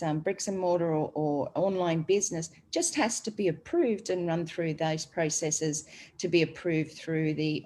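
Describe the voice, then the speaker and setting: Australian woman, low-pitched, talkative panel speaker on a video call. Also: darkish tone, slight background noise. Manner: chatty, rambling, frequent fillers. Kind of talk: casual online group discussion.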